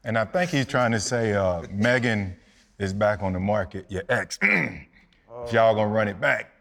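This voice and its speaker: A man's voice: fairly low pitch, moderate pace, fairly bright tone, big-room sound. A man co-hosting a podcast, easygoing as he steers the conversation along. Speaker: podcast co-host. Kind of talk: casual podcast chat.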